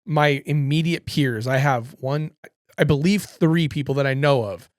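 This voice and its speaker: A man's voice: fairly high pitch, measured pace, dry recording. Insistent man on a dry podcast mic. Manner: insistent, repeats points. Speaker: podcast co-host. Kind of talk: casual podcast chat.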